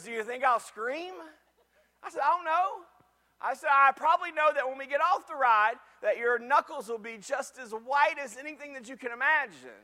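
A middle-aged man, preaching a sermon and telling a personal story, animated and full of restarts. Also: sits high. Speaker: pastor.

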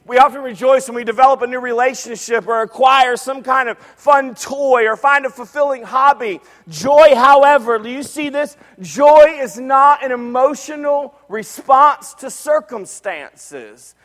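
A man with a strikingly high voice preaches to his church, telling a story and swinging from loud bursts to near-whispers. His voice rings out with the long reverb of a large hall. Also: a little slow. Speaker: pastor. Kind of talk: sermon.

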